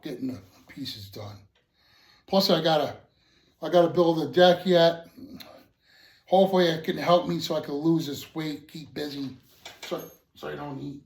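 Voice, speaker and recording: A man's voice: fairly high pitch, vocal fry, a little mellow. A man chatting casually to his viewers from a cluttered basement, rambling and puffing, winded as he moves things around. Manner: rambling, loose, with many fillers and puffing sighs. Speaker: hobby vlogger. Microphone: distant from the mic, moving around the room. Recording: echoey basement from a distance, faint noise.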